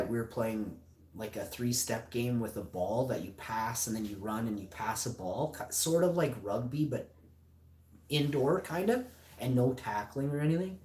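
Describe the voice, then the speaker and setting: A man telling a story on a livestream podcast, swearing constantly and getting loud and heated. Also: medium pitch, animated, moderate pace, reverberant. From Canada. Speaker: podcast host.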